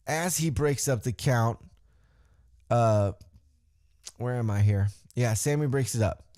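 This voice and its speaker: A man hosting a podcast, giving a profane, animated play-by-play recap and acting out other people's lines. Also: medium pitch, no echo, clean studio sound. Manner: profane, animated storytelling, acts out quotes. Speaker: podcast host.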